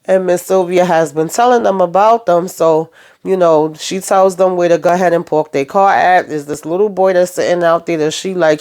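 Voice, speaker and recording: A woman's voice: on the low side, steady tone, normal speed, a little mellow. A woman giving a casual recap of a TV episode. She acts out the characters' lines and keeps tagging "okay?" and "all right?" onto her sentences. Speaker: TV episode reviewer.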